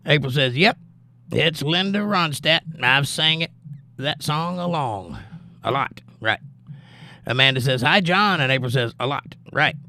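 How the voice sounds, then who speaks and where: A livestream host with a highish, animated voice talks a little slowly as he reads out viewers' comments and warmly chats back to them in a casual, chatty way.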